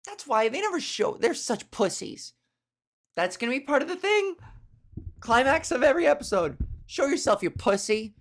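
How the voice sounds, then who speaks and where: Crude, animated woman comedian. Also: high voice, moderate pace. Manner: animated, crude, acts out voices. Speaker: podcast host. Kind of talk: comedic monologue.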